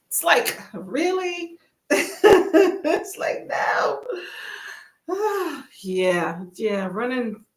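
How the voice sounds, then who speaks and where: A woman's voice: mid-range voice, creaky, fairly bright tone, roomy sound. A woman from Texas with a Texan accent, hosting a casual livestream, chatting folksily and reading out viewers' messages. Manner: chatty, folksy, says y'all, reads chat aloud. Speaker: livestream host. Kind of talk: casual chat with live chat readers.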